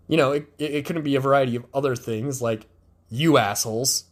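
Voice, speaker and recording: A man's voice: mid-range voice, brisk. A male podcast host giving sarcastic, profane political commentary.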